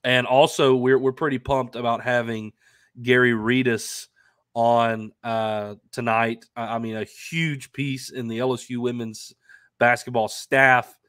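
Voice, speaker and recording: A man's voice: medium pitch, flat delivery, unhurried, fairly bright tone, smooth, no echo, clean studio sound. Stuffy-nosed man hosting a sports stream. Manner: upbeat, chatty, lots of fillers and restarts. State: stuffy, nasal from allergies. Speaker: co-host. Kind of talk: casual sports talk stream. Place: at home in Arkansas. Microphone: remote stream microphone.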